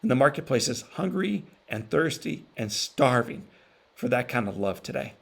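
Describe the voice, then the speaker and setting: A man with a gravelly, creaky voice delivers an inspirational keynote at an even middle pitch. He tells his story with emotion, pausing and repeating phrases for weight. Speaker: motivational speaker. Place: virtual event stream.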